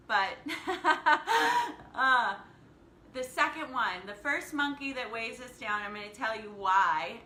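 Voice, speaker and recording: A woman's voice: on the high side, pushed and bright. Woman, life-coach live-streamer, upbeat, calls out commenters by name; roomy echo. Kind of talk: casual live-stream chat with viewers. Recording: echoey room with faint background noise.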